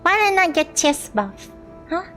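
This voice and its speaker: A woman's voice: extremely high pitch, big pitch swings, moderate pace, pushed and bright, faint music behind, rough recording. A young woman streaming a game, reading its dialogue aloud expressively with playful, giggly asides.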